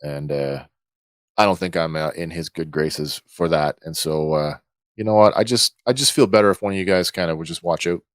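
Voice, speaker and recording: A man playing a tabletop game, talking hesitantly with many pauses and restarts. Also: deep voice, no room sound, clean studio sound. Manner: hesitant, lots of uhs and restarts. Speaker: player. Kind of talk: tabletop role-play, in character.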